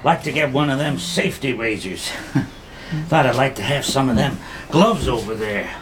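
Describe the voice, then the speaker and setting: A man playing a gruff farm worker who drawls in rural dialect. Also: mid-range voice, moderate pace, noisy background, natural voice. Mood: grumbling.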